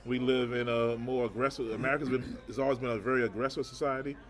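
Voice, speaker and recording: A man co-hosts a laid-back chat podcast, spinning rambling, lively stories and repeating words along the way. His voice sits in the mid range and he talks quickly.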